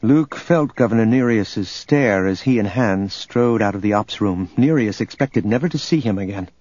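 A man narrating a novel in a steady, even storytelling manner, recorded as a dull lo-fi audiobook. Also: on the low side, normal speed, no echo. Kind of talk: scripted narration.

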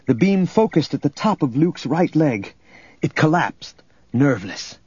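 A man reading a story aloud as narrator, in a steady, measured way. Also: a little high, breathy edge, no echo. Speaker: audiobook narrator. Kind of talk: scripted narration. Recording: dull lo-fi recording, faint music.

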